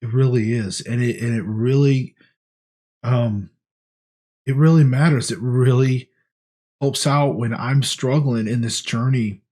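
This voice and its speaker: A man's voice: medium pitch, steady tone, unhurried, pauses often, mellow. Earnest rambling man vlogging. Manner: earnest, rambling, many restarts. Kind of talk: casual diet vlog.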